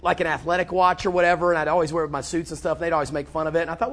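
Preaching through a personal story, a high-voiced man talks in an animated way, racing along with few pauses. He often repeats words and acts out both sides of a conversation, a style of sermon storytelling.

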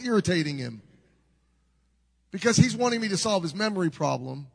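An older man preaching a storytelling sermon, animated, swinging from loud to hushed, with a gravelly voice. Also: sits high, brisk, pauses often.

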